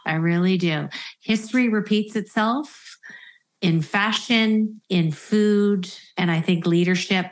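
A woman's voice: mid-range voice, slow. Earnest woman podcast host in her fifties. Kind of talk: reflective conversational interview.

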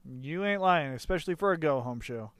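This is a man co-hosting a wrestling podcast in loose, casual chat. He jokes around with crude trash talk in a noticeably high voice. The recording is dry, with little room sound. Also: lively intonation, brisk, dry recording.

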